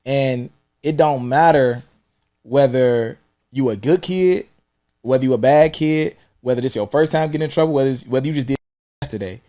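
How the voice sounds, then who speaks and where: A man's voice: mid-range voice, moderate pace. A man who used to teach, chatting casually and acting out stories on a podcast. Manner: relaxed, storytelling, acts out yelling. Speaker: former teacher.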